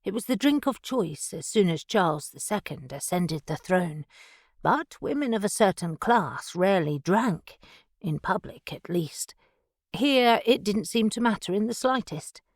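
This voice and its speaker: A woman at medium pitch reads scripted audiobook narration in an even, measured storytelling style. It's a studio-quality recording without echo.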